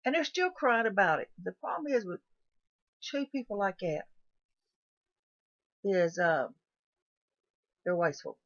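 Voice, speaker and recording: A woman's voice: mid-range voice, animated, unhurried, pauses often, dry recording. Folksy woman, dull lo-fi recording. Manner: folksy, repetitive, posing questions to the viewer. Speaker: channel host. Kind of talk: casual what-if monologue.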